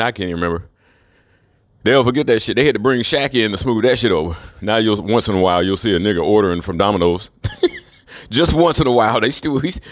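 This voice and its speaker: A man's voice: mid-range voice, no room sound, studio quality. A man rambling through a profane, scornful monologue, chuckling between remarks.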